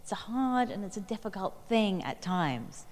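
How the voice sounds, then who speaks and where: A woman giving a sermon, reflective and storytelling in tone, with pauses and small fillers as she works through her thoughts. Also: mid-range voice, expressive, darkish tone. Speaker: preacher. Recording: long hall reverb.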